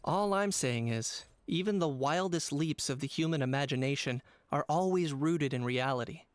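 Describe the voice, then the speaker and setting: A man's voice: a little high, moderate pace, lightly acted. An actor voicing a suave, confident man in a video game, speaking in an easygoing, charming manner. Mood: wry.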